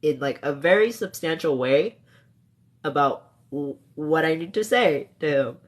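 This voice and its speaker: A man's voice: a little high, expressive, unhurried. Emotional young male streamer, choked up. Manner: emotional, tearful, laughing between words; reads chat comments aloud softly. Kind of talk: casual live-stream chat.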